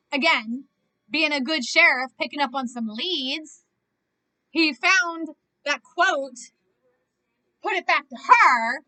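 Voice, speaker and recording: A young woman giving casual, chatty movie reaction commentary, quick to gasp and groan. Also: sits high, sharp tone, no room sound.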